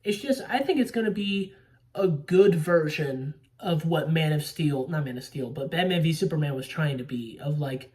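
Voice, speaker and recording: Low-ish woman rambling and swearing about a trailer, sounds kinda far from the mic. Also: normal speed. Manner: rambling, profane, excitable fan talk. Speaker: movie trailer reactor. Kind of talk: casual trailer reaction.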